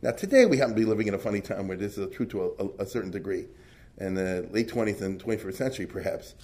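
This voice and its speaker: A man lecturing on Jewish history in a loose, conversational way, often jumping up in pitch for emphasis and checking in with rhetorical questions. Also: lively intonation, fast, a little mellow. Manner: asks the audience rhetorical questions. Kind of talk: informal lecture.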